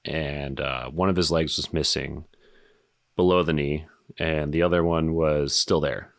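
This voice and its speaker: A man in his thirties, a retired soldier and podcast guest, telling a story in a casual, halting way with lots of fillers and swearing. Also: a bass voice, fairly even intonation, creaky, dry recording, clean studio sound.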